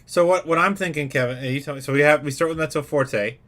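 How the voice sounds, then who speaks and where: A man's voice: on the high side, fast talker, a bit bright. A man hosting a live stream, chatting casually and joking as he thinks aloud while writing music. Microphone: USB studio microphone.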